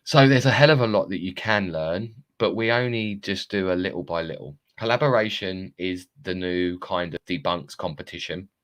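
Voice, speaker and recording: A man in his thirties with a low, deep voice chats live to his viewers through a phone. He rambles from thought to thought, drops the odd swear word and laughs at himself. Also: normal speed, hardly any pauses, a bit bright. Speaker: live-streaming self-help coach. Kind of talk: casual live-stream monologue.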